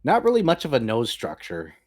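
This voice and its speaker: Male game master with an even mid voice who narrates at ease. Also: medium pitch, brisk, faint music behind. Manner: descriptive, relaxed, with fillers.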